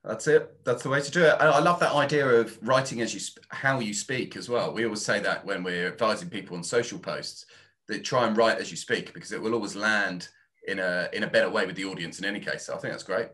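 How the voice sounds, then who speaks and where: Upbeat male podcast host, low voice. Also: fast talker, fairly bright tone. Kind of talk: interview hosting.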